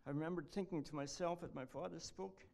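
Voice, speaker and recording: Earnest gravelly-voiced man at church. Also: on the high side, steady tone, darkish tone. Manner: earnest, halting delivery. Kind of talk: devotional talk, reading aloud.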